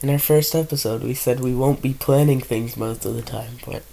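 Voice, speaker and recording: A man rambles through a casual podcast chat, cracking jokes and swearing freely. He slips into quick imitations of other people. His voice sits at an everyday mid pitch. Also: fairly even intonation, gravelly, mellow, a little hiss or hum. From Canada. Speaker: podcast co-host.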